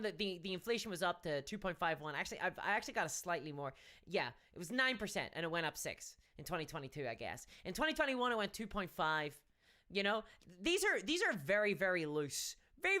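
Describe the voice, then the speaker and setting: A woman's voice: mid-range voice, pushed and bright. An Irish woman hosting a casual live stream, chatty and wry, with frequent restarts. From Ireland. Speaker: miniatures channel host.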